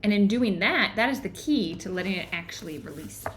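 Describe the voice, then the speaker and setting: A woman hosting an online book club, explaining ideas earnestly and often pausing to check in with her listeners. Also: mid-range voice, animated, fairly bright tone, a little hiss or hum. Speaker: book club host and teacher. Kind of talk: live online book discussion.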